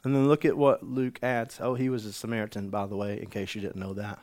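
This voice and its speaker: A man preaching a sermon, an animated storyteller who acts out the scenes he describes. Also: lowish voice, quick pace. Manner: animated storytelling, acts out the healed man's joy. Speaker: pastor.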